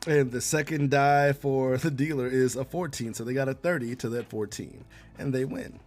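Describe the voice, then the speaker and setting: A man's voice: mid-range voice, normal speed, a little mellow, faint music behind. A man narrating a tabletop game as game master, casual and laughing, with many fillers.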